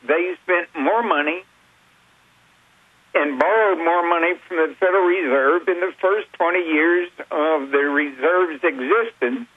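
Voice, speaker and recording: Phone guest, male, husky, very slow and halting, tinny line. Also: on the high side, no room sound. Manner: slow, halting, with many fillers. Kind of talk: talk radio interview. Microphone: telephone.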